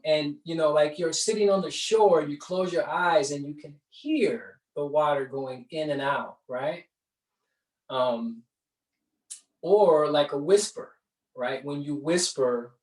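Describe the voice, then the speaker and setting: Male breathwork instructor, unhurried delivery, recorded from a distance in an echoey space. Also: a little high. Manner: conversational, checks in with "right?". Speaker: yoga and meditation instructor. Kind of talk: guided breathing class. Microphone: far from the mic. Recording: roomy echo, distant mic.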